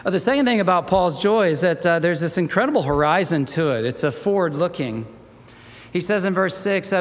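A man's voice: sits high, fairly quick. A man preaching a sermon as pastor, telling personal stories about his congregation. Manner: personal storytelling, getting choked up. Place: church sanctuary. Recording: church hall reverb.

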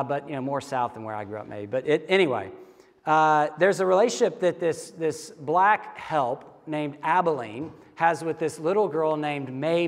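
A man's voice: a little high, in a large hall. A man from the American South preaching a sermon in a casual, storytelling way, talking directly to his congregation. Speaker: pastor. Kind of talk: conversational sermon.

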